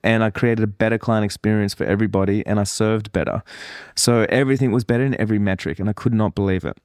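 A man hosting a solo podcast, talking candidly and rambling a little as he reflects out loud. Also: lowish voice, fairly even intonation, fast talker, clear, resonant tone, no echo, studio quality. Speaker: podcast host. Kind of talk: casual solo podcast monologue.

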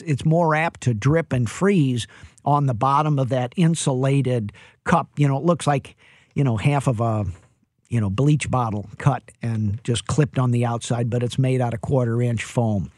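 Hosting a live home-repair call-in program, a man with a mid-range voice speaks into a studio microphone with no room sound. He comes across energetic and playful, chatty, with frequent "you know" and jokes.

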